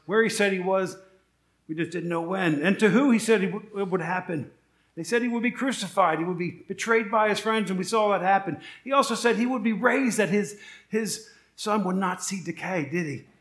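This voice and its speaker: A man's voice: high-pitched, a bit bright, reverberant. A middle-aged male pastor preaching a sermon in a conversational way, full of rhetorical questions and joking asides.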